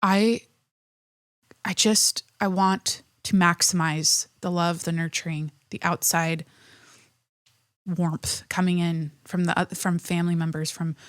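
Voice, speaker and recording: A woman's voice: on the low side, flat delivery, unhurried, no room sound. Casting: pregnant woman podcast host, thirties, rambling and swearing, slightly winded, dry close mic. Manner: rambling, profane, many restarts and fillers. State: pregnant and short of breath. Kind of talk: casual chat.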